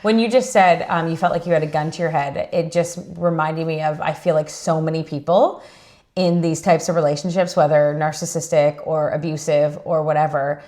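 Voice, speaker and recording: A woman's voice: sits low, steady tone, moderate pace, darkish tone. A woman hosting a podcast, listening closely with frequent affirming interjections and reflecting on what her guest says. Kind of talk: supportive podcast conversation.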